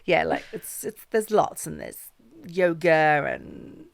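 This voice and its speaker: A middle-aged woman, a podcast guest, talks in a low, gravelly voice. She swears freely and acts out the dialogue. The sound is close and dry. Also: takes it slowly, no room sound. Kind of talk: casual storytelling chat.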